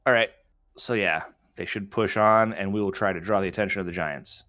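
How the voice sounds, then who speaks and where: A brash man with a low voice plays a tabletop game and swears freely between his moves. His sound is dull and lo-fi. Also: a little fast. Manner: brash, swearing, shouts in character. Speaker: player.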